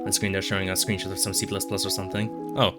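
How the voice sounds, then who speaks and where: A deep-voiced man talks very fast in a level tone while streaming a game with music playing. He rambles, pokes fun at himself, swears heavily, and trips over his words.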